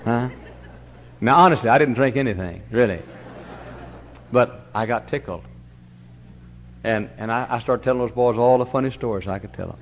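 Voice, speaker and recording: An older man preaching a sermon in a church. He tells stories with big swings from loud to hushed. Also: medium pitch, normal speed, pauses often. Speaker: pastor. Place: church sanctuary. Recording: dull, lo-fi church recording with faint hum.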